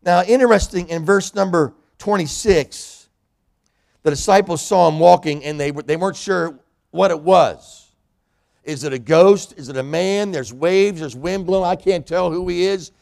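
A man's voice: sits high, normal speed, vocal fry, a little mellow. A man preaching a sermon in a church, a pastor and hospital chaplain who acts out the voices of people in scripture.

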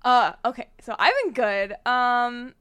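A young woman co-hosting a podcast in casual chat, excitable and quick to gasp and laugh, swearing casually. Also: fairly high pitch, clear, resonant tone. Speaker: podcast co-host.

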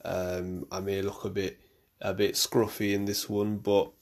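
A man's voice: on the low side, flat delivery, measured pace. A young man from the UK hosting his own podcast, chatting casually in a loose, rambling way with lots of fillers and restarts. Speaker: podcast host. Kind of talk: casual solo podcast chat. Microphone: camera and mic for a video podcast.

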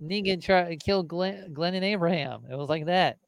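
A man's voice: high-pitched, moderate pace, vocal fry, crowd noise. A man co-hosting a wrestling podcast, giving blunt remarks and brief reactions. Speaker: podcast co-host. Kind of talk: casual wrestling chat.

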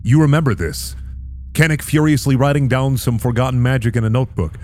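A young man as game master, calmly narrating scenes and swearing casually between them. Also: medium pitch, brisk.

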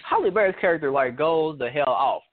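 A man telling a rambling story in a relaxed, casual chat. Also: on the high side, moderate pace, no room sound. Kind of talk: casual chat about a movie. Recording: dry tinny phone line.

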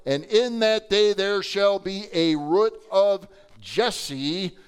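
A middle-aged male pastor preaching a sermon, animated, acting out quotes with sudden swings between loud and soft. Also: high-pitched, slow pace, smooth.

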